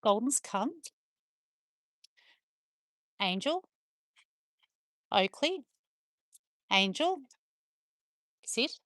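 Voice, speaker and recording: A woman's voice: mid-range voice, a little slow, pauses often, a bit bright, dry recording, studio quality. A woman with an Australian accent chatting casually on a live stream from her farm, talking to her viewers and calling to her dogs in turn. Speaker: livestreamer on a farm.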